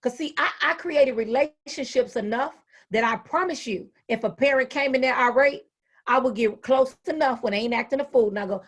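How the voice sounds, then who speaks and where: A woman in her fifties, a retired school administrator, giving an animated, folksy talk to educators. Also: sits high, fairly quick. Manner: animated, folksy, acts out quoted voices. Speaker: educational speaker. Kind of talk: motivational talk.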